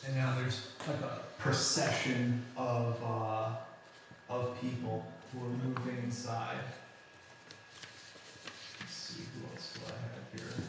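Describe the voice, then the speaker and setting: A man's voice: mid-range voice, flat delivery, takes it slowly, vocal fry, pauses often, heavy background noise. A man narrating as game master of a tabletop game, joking, laughing often and swearing casually. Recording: echoey room, far from mic.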